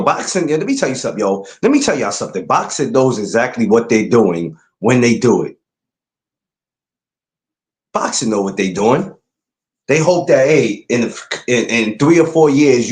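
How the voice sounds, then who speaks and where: A man's voice: medium pitch, echoey room. A man hosting a podcast, talking boxing in a casual, emphatic way. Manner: animated, emphatic, rising to incredulous outbursts. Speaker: podcast host.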